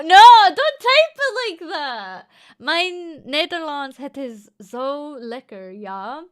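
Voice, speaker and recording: Scottish girl streamer, slow easy chat, high voice, cheeky, giggles and swears a lot. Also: sing-song. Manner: playful, giggly, swears casually. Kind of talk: casual livestream chat.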